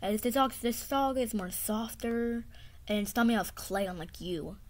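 A woman's voice: a little high, moderate pace, lightly acted. Gumby, a woman doing a cheerful clay boy. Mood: smug. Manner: stammering, excited baby talk to a pet. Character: cheerful clay boy, carefree and thoughtless toward his friend. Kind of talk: home toy play-acting.

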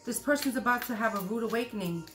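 A woman's voice: on the high side, fast talker, faint music behind. A woman doing a casual tarot reading, blunt and profane, repeating her points. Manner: acts out quoted lines loudly. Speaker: tarot reader.

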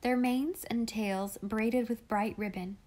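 A woman reading a classic children's novel aloud in clear, measured storytelling. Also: fairly high pitch, fairly even intonation, a little mellow. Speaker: audiobook reader.

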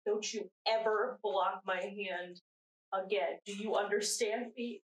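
A woman's voice: mid-range voice, steady tone, echoey room, natural voice. A woman quoting a cold, menacing man. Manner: slow, cold and drawn-out. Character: menacing, abusive adult man. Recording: distant mic with faint noise.

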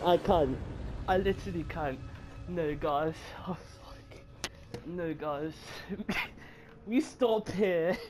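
Panicky high-voiced gamer. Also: male voice, slow pace, music in the background. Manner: panicky, yelps and swears, talks to viewers. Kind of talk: horror game let's play commentary. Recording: loud game noise behind the voice.

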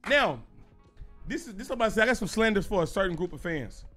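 A young man with a high voice spins a casual livestream story, animated and full of cursing. Faint music plays behind him while he talks. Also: quick pace. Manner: animated, profane, excitable storytelling. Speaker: streamer.

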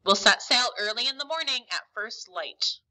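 A woman reading a brisk, cheerful squire. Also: on the high side, lively intonation, bright, forceful tone. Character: brisk, cheerful gentleman squire dressed as an officer.

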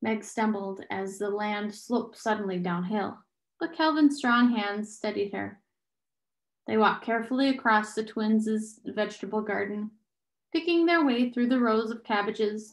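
A woman steadily reading a novel aloud in an echoey room. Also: fairly high pitch. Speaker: reader.

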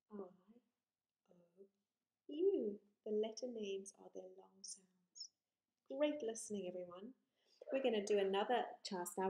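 A woman teaching a phonics lesson to young children, drawing out vowel sounds slowly and praising often. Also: mid-range voice, dark tone. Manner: slow, encouraging, exaggerated vowel sounds. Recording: echoey room.

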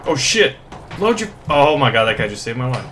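A man hosting a casual multiplayer shooter session, excitable and joking with frequent swearing. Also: mid-range voice, brisk. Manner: excitable, swearing, jokey outbursts. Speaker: gaming channel host. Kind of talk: casual multiplayer gaming chat. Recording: game gunfire noise behind.

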